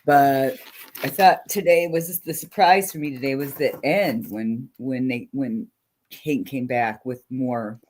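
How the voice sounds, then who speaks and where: A woman's voice: a bass voice, a little slow, darkish tone. A woman co-hosting a casual chat, talking in a loose, rambling way and laughing easily. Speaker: co-host.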